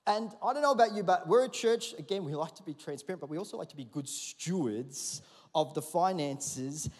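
A man preaching a sermon in a church, telling a story in a lively, conversational way and calling for responses from the congregation. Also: high voice, breathy edge. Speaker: pastor. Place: large church auditorium. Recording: long hall reverb.

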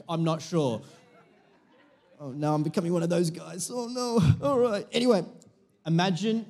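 A man leads a church sermon with a slightly high-pitched voice. He talks to the congregation casually, cracking jokes and often breaking off and restarting his sentences. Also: a little mellow. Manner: chatty, jokey, self-interrupting preaching. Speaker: pastor.

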